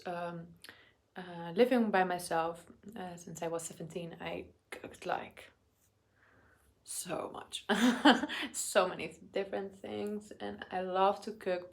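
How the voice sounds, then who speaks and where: Young woman rambling slowly between bites, lots of restarts, goes quiet and whispery at times. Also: fairly low pitch, gravelly. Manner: halting, many restarts, murmuring and whispering while eating. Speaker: vlogger. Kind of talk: casual eating vlog chat.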